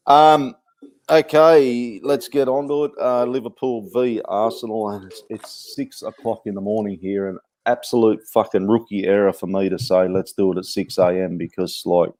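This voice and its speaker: A man hosts a casual podcast in a fairly low voice. He chats loosely, laughs often and swears freely. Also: a little slow, darkish tone. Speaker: podcast host. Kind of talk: casual chat.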